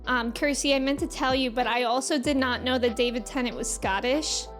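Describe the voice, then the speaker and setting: A woman's voice: high-pitched, fairly even intonation, a little fast, soft background music. A woman streamer chatting casually with viewers, greeting them by name and rambling along with lots of fillers. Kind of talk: casual live-stream chat.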